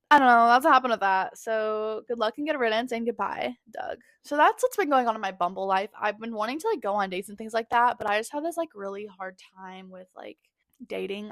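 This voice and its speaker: A woman's voice: a little high, no room sound, studio quality. A woman in her twenties hosting a podcast, telling dating stories in a candid, profane, dramatic way with lots of "like". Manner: candid and profane, heavy use of "like"; animated, dramatic storytelling. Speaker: podcast host. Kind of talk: casual storytelling monologue.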